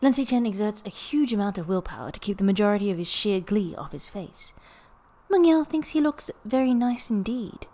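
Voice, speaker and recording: Brief: woman reader, mid-pitched, even and unhurried storytelling narration. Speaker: podfic reader. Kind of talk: scripted narration.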